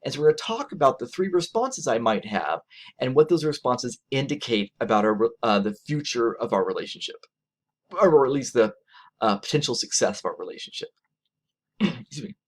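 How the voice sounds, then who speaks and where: A man giving a recorded lecture in a conversational, animated way, often ending points with "right?". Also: a little fast. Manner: animated, conversational, acts out quotes in a higher voice; frequent "right?" tag questions.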